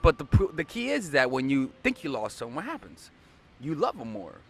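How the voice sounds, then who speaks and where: A man's voice: mid-range voice, wildly swooping pitch, brisk, a bit bright. A young man giving casual dating advice, blunt and profane, repeating himself for emphasis. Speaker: dating coach.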